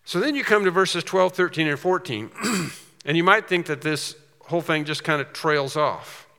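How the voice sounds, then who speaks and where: A man preaching an expository sermon, emphatic, slowing down and repeating phrases for stress. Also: fairly high pitch, sharp tone. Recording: long hall reverb.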